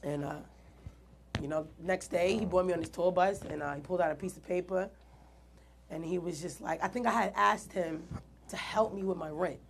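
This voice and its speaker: A woman's low, gravelly voice carries a candid interview story. She talks earnestly and plays out the remembered dialogue, over a faint bed of background noise. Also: moderate pace. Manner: earnest, animated retelling with quoted dialogue. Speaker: guest artist.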